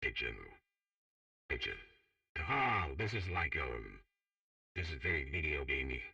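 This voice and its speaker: Deep AI narrator voice changer. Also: male voice, sing-song, a little slow, vocal fry, pushed and bright, long reverb tail, highs cut off, exaggerated voice. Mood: amused. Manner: self-mocking, amused, fumbling over words. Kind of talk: casual live-stream chat.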